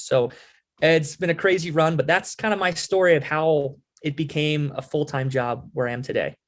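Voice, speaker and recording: A man in his twenties from the Philadelphia area, a podcast guest telling his story with lively energy and many fillers. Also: mid-range voice. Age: 20s. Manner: animated storyteller, lots of fillers. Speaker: podcast guest, halftime performer. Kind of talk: casual storytelling interview.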